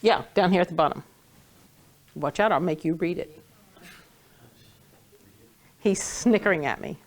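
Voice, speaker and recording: Slow, low-voiced woman teaching class. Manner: patient, playful, drawn-out words when stressing. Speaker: Hebrew teacher. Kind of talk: classroom lesson.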